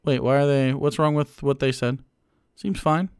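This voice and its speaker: A man's voice: medium pitch, steady tone, moderate pace, smooth, no echo, clean studio sound. A young man streaming casual political commentary, sarcastic and mocking, with frequent fillers and chuckles.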